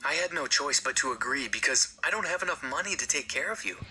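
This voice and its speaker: A man voicing a distressed mother who pleads and apologizes, in an animated storytime video with music behind. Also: mid-range voice, quick pace, background noise, voice pushed up, lightly acted. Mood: tearful. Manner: emotional, pleading. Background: background music.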